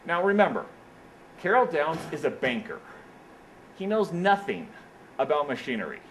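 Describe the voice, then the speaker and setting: A man with a fairly high pitch delivers an animated, story-filled motivational talk at an engineering career event, often saying "what happens is, is that." He speaks at normal speed in an indoor meeting room, and the low-quality audio carries a slight hiss or hum.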